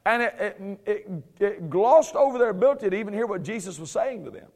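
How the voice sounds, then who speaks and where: A man's voice: high-pitched, animated, a little fast, a little mellow. A man teaching from the Bible in a conversational way, laughing often and mixing playful sarcasm with firm emphasis. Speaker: preacher.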